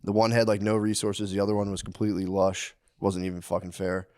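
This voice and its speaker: A man's voice: sits low, completely flat delivery, fast talker, a little mellow, no room sound. A man co-hosting a podcast in casual banter, rambling loosely, swearing often and laughing a lot. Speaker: podcast co-host.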